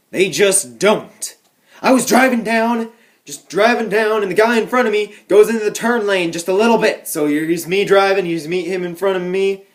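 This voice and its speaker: A young man talks straight to the camera from home, spinning a tiny everyday mishap into a mock-tragic tale. His voice sits a little high for a man, and he plays the story with deadpan exaggeration. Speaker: vlogger.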